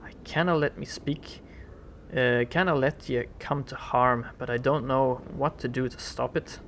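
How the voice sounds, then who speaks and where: A man reading the lines of a prickly young tiefling woman in a role-playing game, speaking them louder and with blunt, folksy phrasing. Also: mid-range voice, fairly even intonation, unhurried, slight background noise. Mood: worried. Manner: blunt, folksy talk with a dropped "ya". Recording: game music playing behind.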